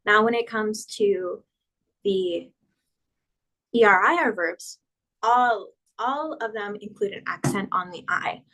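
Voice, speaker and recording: A woman's voice: medium pitch, pushed and bright, low-quality recording. Patient woman teaching a grammar lesson. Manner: patient, spells out verb endings, slows down for examples. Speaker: Spanish teacher.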